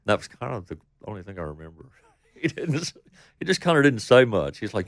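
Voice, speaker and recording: A man's voice: fairly low pitch, very animated, a little fast, no room sound, clean studio sound. A man from Texas, a country singer, telling rambling stories in an interview, acting out what people said. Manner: rambling anecdotes with quoted voices. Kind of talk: storytelling interview.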